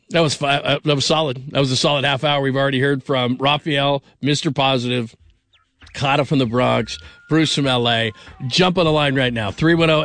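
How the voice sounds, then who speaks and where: A man's voice: mid-range voice, vocal fry, fairly bright tone. A middle-aged man hosting a sports call-in radio show, rambling casually with many restarts. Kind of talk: late-night sports call-in chat.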